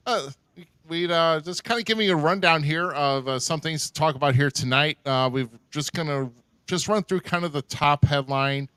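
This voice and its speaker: A man hosting a live podcast, talking in an animated, rambling way with lots of fillers. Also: a little high, normal speed, clear, resonant tone, no room sound. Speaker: podcast host. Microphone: headphones and desk mic.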